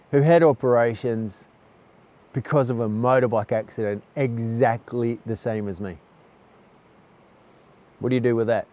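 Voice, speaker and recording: A man with a mellow, relaxed voice tells a personal story straight to camera. He talks in a chatty, earnest way and keeps calling the listener "mate". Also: medium pitch. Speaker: vlogger.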